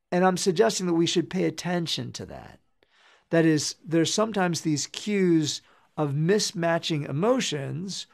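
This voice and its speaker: A man giving an explanatory lecture in a measured way, acting out short example lines as he goes. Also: on the high side. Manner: measured, acts out quoted examples.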